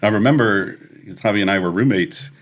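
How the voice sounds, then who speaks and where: A man's voice: on the low side, brisk. A middle-aged man, a retired deputy, recalling old times in a laid-back, amused way with casual slang. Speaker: retired sheriff's deputy, guest. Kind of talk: casual storytelling chat.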